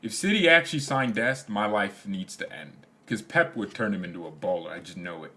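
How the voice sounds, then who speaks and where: A young man with a fairly low voice chats casually on a fan livestream. He rambles in slang and laughs a lot as he reads out comments. Keyboard typing clicks away in the background. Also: expressive, brisk, bright, forceful tone. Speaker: fan channel host.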